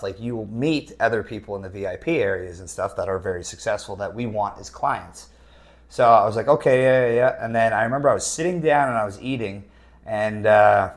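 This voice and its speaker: A young man from Canada recounting his own story in a relaxed, rambling vlog manner. His voice sits at an ordinary middle pitch. He leans on fillers and casual swearing, and voices the people he quotes without changing his voice. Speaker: entrepreneur telling his story.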